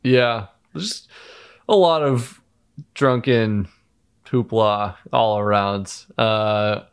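A man co-hosting a casual reality-show recap, measured and wry in his commentary. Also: fairly low pitch, clear, resonant tone. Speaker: podcast co-host.

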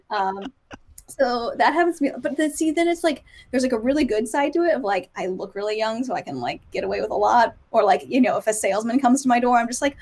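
A woman in her thirties chats as a podcast guest, telling stories with plenty of laughter. Her voice sits a little higher than most, and she bounces into playful impressions of the people she describes. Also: expressive, fast, darkish tone. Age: 30s. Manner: chatty, giggly, acts out quoted voices. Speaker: guest author. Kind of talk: casual podcast chat.

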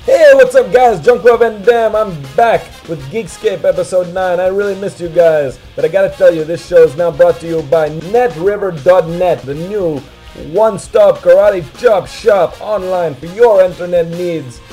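A man doing a comic impression of a boastful male action star, reading a mock advertisement in a hyped pitchman delivery. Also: moderate pace, few pauses, warm tone, soft background music, lightly acted. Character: brash male action-star impression hawking a web host.

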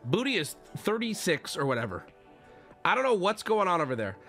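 Ranting, wildly expressive male streamer. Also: high-pitched, brisk, soft background music. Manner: loud, exasperated ranting, mocking whiny voices.

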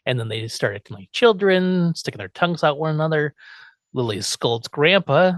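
A man hosts a relaxed podcast chat, his voice jumping around in pitch as he recaps scenes. He laughs often and drops into quick put-on voices for the characters. The sound is dry and close to the mic. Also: dry recording. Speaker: podcast host recapping an episode. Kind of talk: casual chat.

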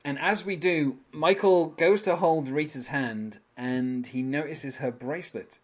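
A man's voice: fairly high pitch, measured pace. A man hosting a casual podcast, rambling through an episode recap with many fillers and frequent chuckles. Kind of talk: casual chat.

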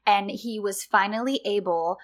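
A woman co-hosting a casual chat, excitedly talking through a TV drama episode and laughing often. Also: mid-range voice. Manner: excitable, laughs often, quick bursts of enthusiasm. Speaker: podcast co-host.

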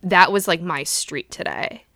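A woman co-hosting a podcast in casual chat, an animated storyteller who swears freely. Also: fairly low pitch, measured pace, dry recording, studio quality. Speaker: podcast co-host.

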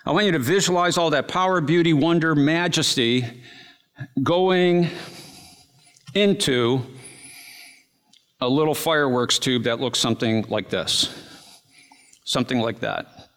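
A man preaching a sermon, telling a story with animated energy and dramatic slow-downs. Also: mid-range voice, in a large hall. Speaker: pastor.

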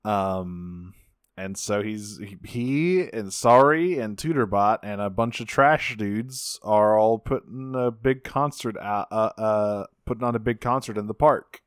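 Guy cohosting a podcast, chatty recap, acts out lines, smooth lowish voice. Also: unhurried, dry recording, clean studio sound. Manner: laughs often, acts out quotes. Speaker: podcast co-host. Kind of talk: casual episode recap chat.

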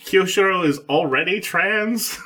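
A man's voice: high-pitched, measured pace, bright, forceful tone. A man in a casual podcast chat, recapping an episode with dry, wry remarks.

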